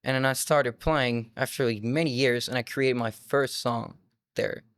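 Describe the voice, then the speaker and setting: A man's voice: mid-range voice, steady tone, unhurried, fairly bright tone, clear, resonant tone, dry recording, clean studio sound. A young man in his twenties, a musician from France whose first language is French, telling stories in a loose, rambling interview chat full of fillers. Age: 20s. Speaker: musician guest.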